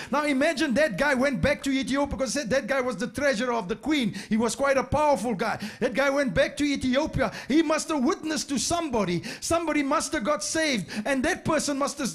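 A man's voice: very high voice, brisk, hardly any pauses. A man preaching a sermon, retelling stories with emphatic, repeated phrases. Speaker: pastor. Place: church.

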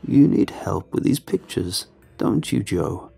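A creepy male sun being croaks every word slowly and coaxingly, as a man puts him on for a horror story reading. The voice sits low, dark and husky, drawn out and unsettling, with faint music beneath. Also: big pitch swings, exaggerated voice.

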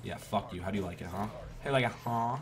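A man giving profane, trash-talking commentary over a shooter game, with sudden loud outbursts. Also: on the low side, fast talker, heavy background noise. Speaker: gaming YouTuber. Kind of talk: gameplay commentary.

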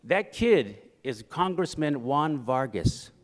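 A man's voice: medium pitch, takes it slowly. A middle-aged man giving a humorous keynote speech at a conference, telling personal stories and acting out quoted voices. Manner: animated, acts out quoted voices for laughs. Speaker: keynote speaker. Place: conference hall. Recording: reverberant hall.

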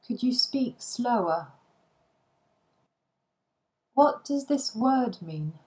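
Slow, measured woman reading phrases. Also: on the high side, lively intonation, warm tone. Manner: reads short phrases one by one with pauses. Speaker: language learning reader.

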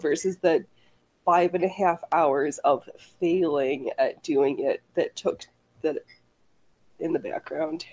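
A woman's voice: deep voice, fairly even intonation, slow pace, darkish tone, low-quality recording. A woman chatting casually as co-host, playful and teasing, breaking into laughter. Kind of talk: casual chat.

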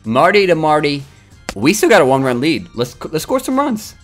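Excitable, crude young male gamer. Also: fairly high pitch, normal speed, faint music behind. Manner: excitable, crude trash-talking, yelling at the game. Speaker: gaming streamer. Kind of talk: live gameplay commentary.

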